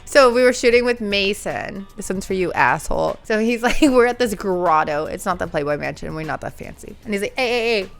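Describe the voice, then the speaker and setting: A woman's voice: mid-range voice, animated, brisk, vocal fry, hardly any pauses. Blunt, profane young woman. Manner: blunt, profane, laughing often. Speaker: podcast guest. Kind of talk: casual storytelling chat.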